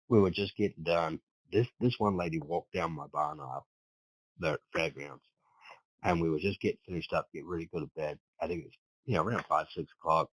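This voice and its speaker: A man's voice: sits low, husky, no room sound, poor audio. A man from Britain, a horse trainer, telling rambling stories as a podcast guest, repeating words and swearing now and then. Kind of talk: casual storytelling.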